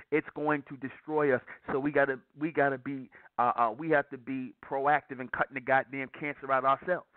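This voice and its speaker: Guy preaching hard on a dry tinny phone-ish line, repeats himself a lot, kinda high voice. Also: dry recording. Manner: repetitive, hammering, emphatic with restarts. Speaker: broadcaster addressing listeners. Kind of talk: impassioned preaching monologue.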